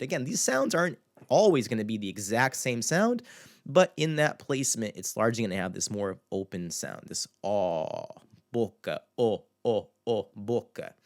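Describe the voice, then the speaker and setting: Male language teacher, slightly low voice, easygoing, models sounds by slow repetition. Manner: relaxed, repeats words slowly to model sounds. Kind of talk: casual video lesson.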